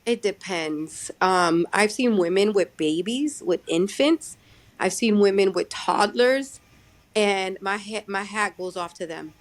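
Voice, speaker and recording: A young adult woman who drives her own truck, talking casually in a podcast interview, halting and restarting her sentences often. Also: medium pitch. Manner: halting, many restarts and fillers. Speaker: guest, owner-operator truck driver.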